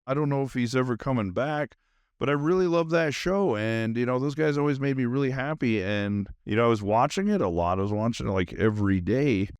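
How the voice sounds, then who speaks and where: A man hosts his own podcast and talks without stopping, wired on caffeine and drifting from one thought to the next. His voice is smooth and resonant at a middling pitch. It is recorded dry and close, with no room sound. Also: fairly quick, dry recording. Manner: rambling, nonstop talker with many fillers. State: highly caffeinated. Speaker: podcast host. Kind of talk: rambling solo podcast monologue.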